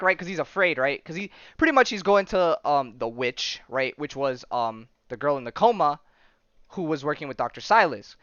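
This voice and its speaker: A man's voice: on the high side, lively intonation, normal speed, a bit bright, clear, resonant tone, no echo, lo-fi sound. A man from Florida hosting a podcast, recapping a comic in a rambling casual way full of fillers and checks like "right?". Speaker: podcast host.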